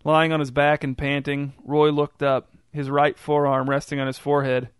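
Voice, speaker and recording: A man reading a short story aloud in an even, unhurried storytelling delivery. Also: on the high side, clear, resonant tone, no room sound, studio quality. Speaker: narrator. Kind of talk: scripted story narration.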